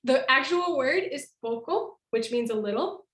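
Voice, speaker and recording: A woman's voice: high-pitched, lively intonation, moderate pace, fairly bright tone, echoey room, rough recording. A woman giving a casual online presentation from where she lives, explaining with examples and laughing often. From North America. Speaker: presenter living in Costa Rica.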